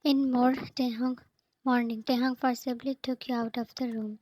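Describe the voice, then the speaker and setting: A woman reading fanfiction aloud in a flat, even way, naming each speaker before their lines. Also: a little high, normal speed, rough recording. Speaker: fanfiction reader.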